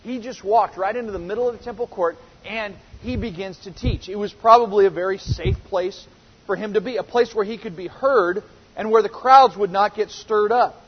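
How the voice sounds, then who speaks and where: High-voiced man teaching scripture in a hall. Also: moderate pace, breathy edge. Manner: earnest, rhetorical questions, frequent restarts. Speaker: Bible teacher. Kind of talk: verse-by-verse Bible lesson. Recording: reverberant hall, dull lo-fi sound.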